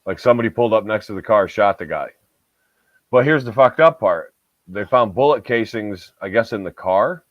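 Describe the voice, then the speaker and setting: This podcast co-host from the Southern Tier of New York has a lowish voice and speaks at a moderate pace with animated delivery. His casual chat is profane, rambling, and packed with filler, captured in a dull, dry, lo-fi recording.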